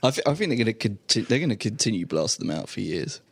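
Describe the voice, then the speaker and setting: A man joining a tech podcast as guest, talking in a measured, slightly halting way. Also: on the low side, very animated, slight background noise. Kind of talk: casual chat.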